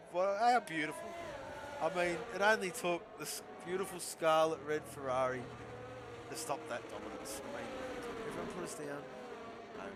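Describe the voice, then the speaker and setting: Excitable man commentating a race. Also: sits high, background noise. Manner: excitable, chatty, laughs often, talks to chat.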